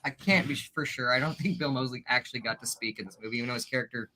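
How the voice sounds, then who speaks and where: A man's voice: mid-range voice, racing, sharp tone. A man talking as a guest on a casual online chat, chatty and laughing often.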